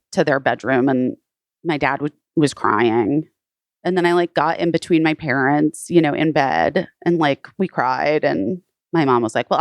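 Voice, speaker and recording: Low-voiced woman telling a personal story. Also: dry recording. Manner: frequent "like" fillers, retells others' words. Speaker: guest.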